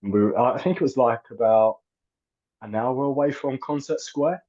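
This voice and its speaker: Hesitant and full of fillers and restarts, a thirty-something actor and filmmaker chats as a guest in a casual interview. He speaks at a normal speed in a warm, medium-pitched voice, and the audio is dull and lo-fi.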